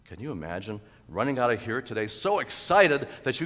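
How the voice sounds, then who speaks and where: Man, pastor, sermon, lively pitch, long church echo. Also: fairly quick, hardly any pauses. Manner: animated, with sudden loud exclaimed quotes and chuckles. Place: church sanctuary.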